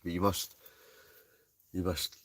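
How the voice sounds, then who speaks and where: A low-voiced man from Scotland talks slowly in a level tone with no room sound. Inside his heated, stove-equipped tent, he runs a wild camping livestream, rambling in casual chat, laughing frequently, and replying to live comments.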